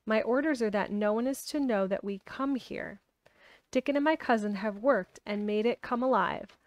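A woman's voice: on the high side, normal speed, no echo, natural voice. A woman reading aloud, voicing a proud, commanding young boy who speaks sharply.

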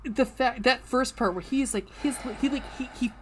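A woman's voice: high-pitched, moderate pace, slight background noise. A woman co-hosting a book club podcast, chatting casually, breaking off with laughs and restarting her sentences. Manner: chatty, full of fillers and restarts, laughs while reading. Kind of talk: casual chat and reading aloud.

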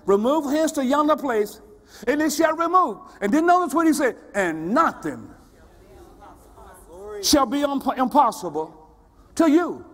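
A man preaching a sermon as pastor, swinging between steady teaching and shouted call-and-response questions to the congregation. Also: extremely high pitch. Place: church sanctuary. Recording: long church reverb.

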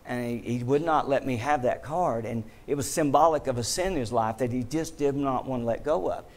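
A man's voice: mid-range voice, a little fast, darkish tone. A male pastor preaching a sermon to his church, emphatic and repetitive, asking the congregation questions. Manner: emphatic, repeats phrases, asks congregation questions. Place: church sanctuary.

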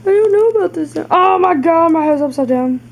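A woman's voice: very high-pitched, animated, fairly quick, creaky, rough recording. A woman casually narrating her own toy play video, with chatty, apologetic asides as she fixes and handles the toys.

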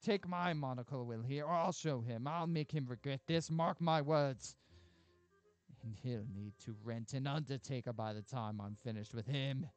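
A man's voice: a little high, big pitch swings, unhurried, highs cut off, soft background music, full character voice. A man voicing a vain, pompous male villain with theatrical, posh-sounding outbursts. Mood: indignant.

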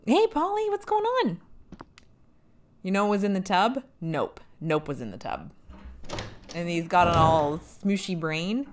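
A woman's voice: lowish voice, lively intonation, unhurried, slight background noise. A young woman streaming a game, playful and swearing freely as she chats with viewers. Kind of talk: casual live gameplay commentary.

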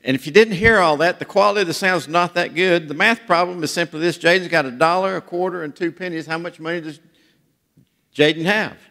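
A man's voice: on the high side, fairly quick, bright, forceful tone. A man preaching a sermon in a church, telling jokes and stories in a folksy way. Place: church sanctuary. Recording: reverberant church hall.

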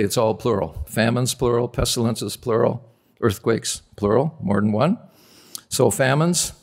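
A man's voice: fairly low pitch, creaky. A male pastor preaching a sermon at a convention, emphatic and repeating key words for stress. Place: convention hall.

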